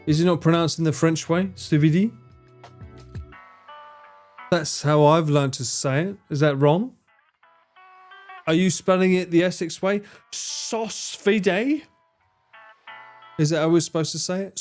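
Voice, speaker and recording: A man's voice: on the high side, steady tone, normal speed, darkish tone, soft background music. A young man livestreaming, casually bantering with his chat in a playful, sweary, teasing way. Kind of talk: casual chat with live stream viewers.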